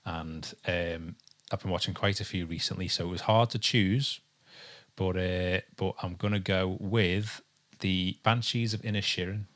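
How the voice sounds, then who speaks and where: An English man with a low, steady, slightly bright voice co-hosts a casual podcast from home, a dog nearby. He takes his time, rambling through his thoughts with plenty of ums and restarts.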